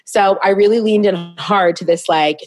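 A woman's voice: medium pitch, normal speed. Chatty, candid woman guest. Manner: candid, chatty, self-deprecating. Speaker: guest, business founder. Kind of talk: casual interview storytelling. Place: at home.

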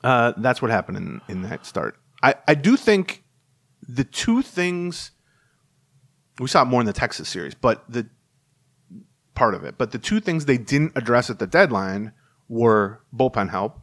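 A man co-hosting a casual talk podcast, telling stories in an animated way and laughing often. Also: mid-range voice, measured pace. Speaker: podcast co-host. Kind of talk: casual chat.

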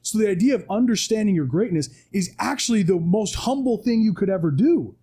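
A man's voice: high-pitched, expressive, brisk, mellow, husky. A man talking as a podcast guest, preaching with emphasis and often tagging "right?" onto his points. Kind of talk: animated motivational talk. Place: podcast studio.

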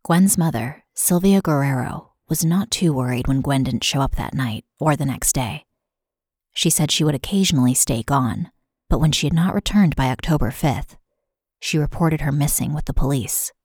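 Female podcast host for scripted true crime, matter-of-fact delivery, low and breathy. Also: normal speed, no room sound, studio quality. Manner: steady, matter-of-fact reading.

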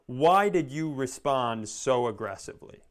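A man's voice: medium pitch, unhurried. A man co-hosting a comedy podcast, telling an anecdote in casual chat and acting out the people in it. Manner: animated, acts out both sides of an anecdote. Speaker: podcast co-host.

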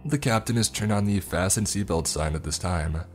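Man voicing a chipper stewardess, sing-song, deep-set voice, faint music behind, storybook reading. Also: lively intonation, moderate pace. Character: overly chipper female flight attendant.

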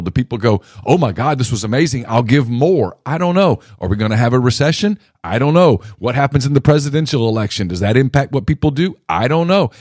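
A man co-hosting a sports podcast in casual talk, emphatic and repetitive, jumping up to a near shout on the points he presses. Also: medium pitch, no echo, studio quality. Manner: emphatic, repeats himself, rising to a near shout on key phrases. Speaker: podcast co-host.

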